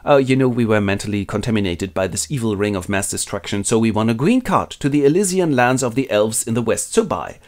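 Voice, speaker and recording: Frodo, a man doing a squeaky whiny hobbit. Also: lively intonation, a little fast, few pauses, a little mellow, lightly acted. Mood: plaintive. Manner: high, plaintive squeal. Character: whiny young male hobbit, fretful and weary.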